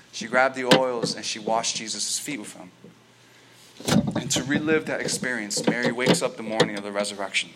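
A man preaching an interactive sermon as a youth pastor, telling the story in an animated way and quizzing his listeners. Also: medium pitch, a little hiss or hum.

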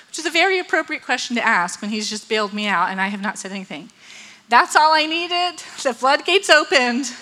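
Bright high-voiced woman telling a story. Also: moderate pace, low-quality recording. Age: adult with children. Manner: animated, acts out quotes, laughs often. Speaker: speaker telling a personal story. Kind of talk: personal storytelling.

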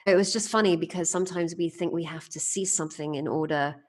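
Woman podcast host, deep voice, amused storyteller. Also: fairly even intonation, fast talker. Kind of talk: casual conversation.

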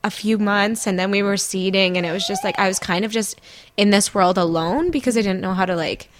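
A young woman co-hosting a podcast, talking candidly in a halting way and often breaking off mid-sentence. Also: medium pitch. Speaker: podcast co-host. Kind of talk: emotional casual chat.

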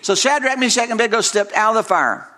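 A man preaching a sermon in a high, bright, ringing voice. He tells the scripture story with drama and keeps doubling back on his words as he goes. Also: fast talker. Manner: retells scripture dramatically with frequent word repeats.

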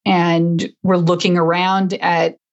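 A woman's voice: lowish voice, little pitch movement, takes it slowly, lo-fi sound. A middle-aged woman, an interview guest, telling her story conversationally with frequent restarts. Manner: frequent restarts, emotional at moments.

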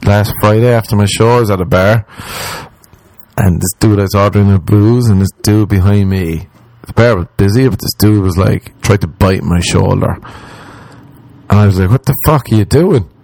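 A man's voice: fairly low pitch, fairly even intonation, normal speed, vocal fry, a little mellow, no room sound. A man, a comedian ranting in a profane, exasperated way and mimicking the people he talks about. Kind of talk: rambling comic rant.

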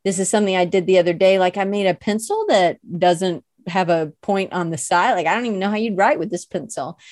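A podcast host who also teaches illustration chats casually, her medium-pitched, slightly mellow voice moving a little fast in a clean studio recording with no room sound. She's rambling and playful, often self-deprecating, and fills her talk with "like."

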